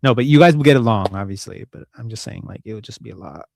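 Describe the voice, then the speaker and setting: A man's voice: lowish voice, quick pace, vocal fry, darkish tone, dry recording, studio quality. A man hosting a casual live stream from home, rambling, swearing and joking with his audience. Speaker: livestream host.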